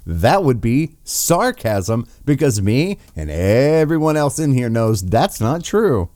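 A man mocks and rants his way through courtroom footage. His voice has a lively, swooping delivery that is full of scorn, and it is recorded close and dry with no room sound at all. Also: medium pitch, unhurried, hardly any pauses, no echo. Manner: mocking, profane, sarcastic. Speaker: political commentator. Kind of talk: reacting to trial clips.

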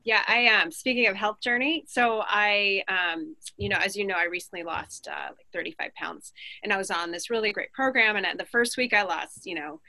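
A woman on a panel telling a personal story in casual, animated, emphatic talk. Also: mid-range voice, normal speed, gravelly, hardly any pauses, poor audio. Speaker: panel guest.

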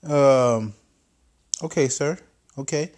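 A man voicing a nervous, deferential vice president who hesitates and fills pauses with ums. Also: medium pitch, darkish tone, lightly acted. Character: timid, fumbling male vice president aide.

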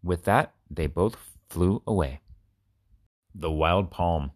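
A man reading short children's stories and simple facts aloud with clear, expressive delivery. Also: deep voice, slow, no echo, studio quality. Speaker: reader.

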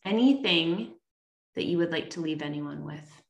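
A woman hosting a podcast, gently guiding listeners through a reflection exercise. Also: low-pitched, moderate pace, gravelly, reverberant. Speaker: podcast host.

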